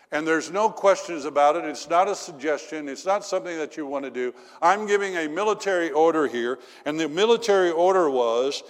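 A man's voice: a little high, big-room sound. A male pastor preaching a sermon in a church, telling folksy stories and asking the congregation questions. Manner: folksy storytelling with fillers and crowd questions.

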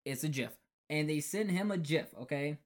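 A man's voice: fairly high pitch, moderate pace. A man co-hosting a casual movie recap, rambling as he acts out the characters' lines. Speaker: podcast co-host.

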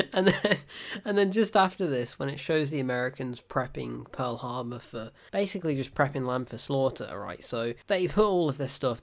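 A man's voice: mid-range voice, fairly bright tone. A man casually reviewing a film, sarcastic and breaking into laughter as he talks. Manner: sarcastic, laughs often while talking.

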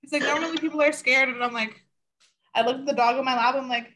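Woman, podcast host, higher pitch, animated storyteller. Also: fast. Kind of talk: casual chat and scripted sign-off.

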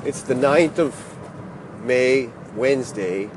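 With the window down, a man in his fifties who hosts a podcast chats casually behind the wheel, playfully chanting word games. His medium-pitched voice is slow, and heavy wind, road and traffic noise fill the recording.

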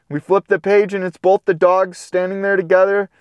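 A man's voice: high-pitched, monotone, normal speed, few pauses, clear, resonant tone, no room sound, dull audio. A man reading a children's storybook aloud, breaking off for chatty, playful commentary. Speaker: storybook reader. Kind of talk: casual read-aloud with commentary.

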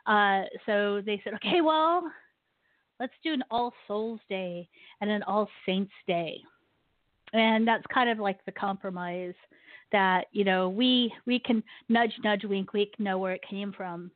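Her voice medium-pitched, steady and unhurried, a female talk radio host rants with animation about things that annoy her, laughing frequently in casual talk with a guest. It comes through dry and tinny over what sounds like a phone line.

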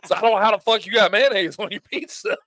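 Podcast co-host, male, bright forceful voice, profane and animated, dry sound. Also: high voice, quick pace, dry recording. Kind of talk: casual chat.

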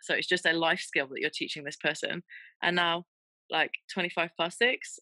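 A woman's voice: lowish voice, fairly even intonation, moderate pace, sharp tone, no echo, rough recording. A woman in her thirties, a fitness presenter guesting on a podcast, telling stories candidly with frequent laughter. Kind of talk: casual chat.

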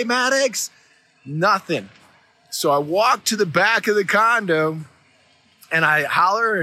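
Upbeat bright-voiced man telling a story. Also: sits high. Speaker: host of a daily motivational video. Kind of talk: casual motivational vlog talk. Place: outdoors at a ski resort.

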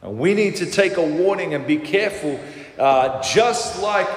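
A man's voice: high voice, animated, measured pace. A man preaching a sermon as pastor, emphatic, with frequent "uh" fillers. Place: large church hall. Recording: echoey church hall.

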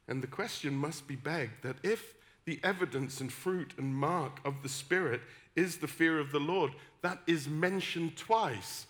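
A middle-aged man from the West Country with a West Country accent, preaching a sermon with humorous, animated storytelling and emphatic repetition. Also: a little high, unhurried, few pauses. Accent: West Country English. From West Country, England.

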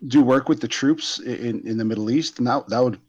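A man hosting a podcast in relaxed conversation. He mostly reacts briefly and laughs along with his guest, and his pitch is ordinary. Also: fairly quick, breathy edge, highs cut off. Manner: laid-back, short reactions and laughs. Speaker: podcast host. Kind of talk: casual chat.

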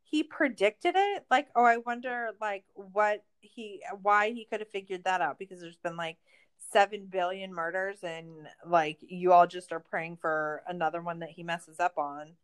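A woman's voice: fairly low pitch, normal speed, smooth. A woman podcast host in a casual recap chat, ranting in exasperation and swearing a lot.

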